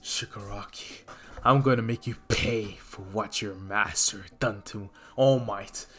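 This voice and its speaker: Brief: a man playing a serious teen hero for a fan story, lower and softer than his narration, bright tone. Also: unhurried, husky, full character voice. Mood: vengeful. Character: determined young male hero, earnest and worried.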